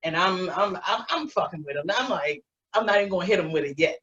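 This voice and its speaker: A woman's voice: fairly low pitch, lively intonation, fast talker, a bit bright. Forties woman, stand-up comic; brash, profane storytelling, muffled online stream audio. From Baltimore, USA. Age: 40s. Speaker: stand-up comedian. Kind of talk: stand-up comedy set.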